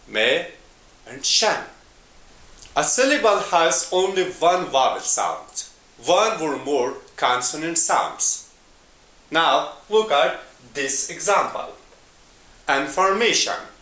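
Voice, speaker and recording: A man teaching an English lesson in a slow, deliberate way, repeating example words. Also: a little high, pushed and bright, roomy sound.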